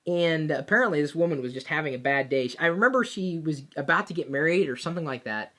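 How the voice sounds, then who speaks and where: A woman telling a personal work story in a casual, animated way, with plenty of fillers and restarts. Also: sits low, quick pace. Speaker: vlogger.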